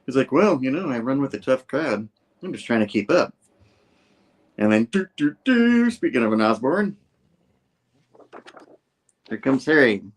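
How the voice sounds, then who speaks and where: Man, casual comic review chat, loose character voices, medium pitch. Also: lively intonation, unhurried, long pauses, husky. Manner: retells scenes, doing loose voices for characters.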